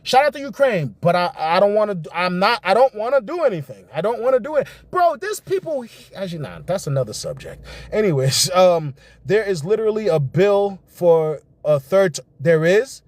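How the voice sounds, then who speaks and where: A man's voice: sits high, very animated, moderate pace, no echo. A young man giving casual, rambling political commentary on a livestream, reacting to chat as he goes. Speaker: livestream host.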